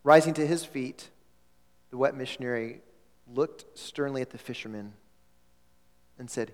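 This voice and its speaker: Pastor preaching in an echoing hall. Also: male voice, mid-range voice, unhurried, pauses often. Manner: conversational, with frequent repeated words and audience questions. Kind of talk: sermon storytelling. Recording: long hall reverb.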